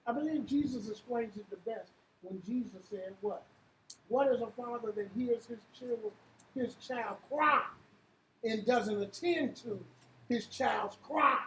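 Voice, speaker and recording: High-voiced woman preaching in an echoey hall. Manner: asks the room questions, repeats "what?", rises to shouts. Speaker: Bible teacher leading a church class. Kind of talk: interactive sermon with call and response. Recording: echoey room from far off, faint hiss.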